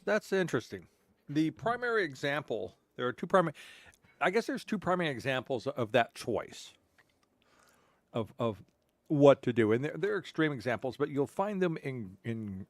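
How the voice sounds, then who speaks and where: A man's voice: a little high, sing-song, normal speed, no echo. Rambling male streamer retelling myths. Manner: frequent restarts and stammered repeats. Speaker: gaming streamer. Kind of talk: rambling casual storytelling.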